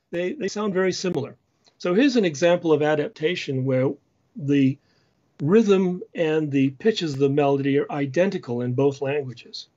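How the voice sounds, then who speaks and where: Guy teaching church chant, pitch a bit high, sings little bits, muffled lo-fi audio. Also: a little mellow. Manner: explains patiently, sings short chant phrases. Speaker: music lecturer. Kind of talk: lecture with sung chant examples. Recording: dull lo-fi sound.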